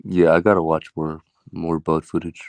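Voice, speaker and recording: A very deep-voiced man speaks in a flat, even tone, hedging and restarting as he weighs boxing matchups. The sound is dry and close. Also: moderate pace, gravelly, no echo. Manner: hesitant, lots of likes and restarts. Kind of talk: casual boxing debate.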